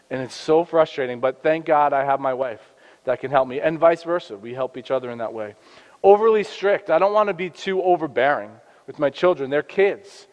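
A man in his thirties, a father who works in youth ministry, giving an earnest, conversational faith-based parenting talk with frequent restarts. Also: fairly high pitch. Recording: dull lo-fi sound with long reverb.

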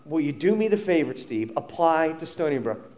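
A man voicing his encouraging mother during a sermon, with a soft, coaxing, lowered voice. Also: very animated, moderate pace. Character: his encouraging mother, woman, gently insistent.

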